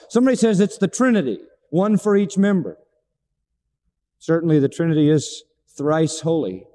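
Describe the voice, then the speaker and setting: A man preaching a sermon, dramatic, swinging between booming high phrases and hushed low ones. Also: expressive, moderate pace. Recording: long hall reverb.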